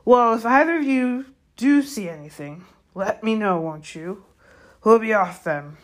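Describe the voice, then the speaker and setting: A woman voicing a gruff, big-hearted giant gamekeeper in a storybook reading, blustery and grumbling. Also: fairly high pitch, expressive, measured pace, voice pushed up. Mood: irritable.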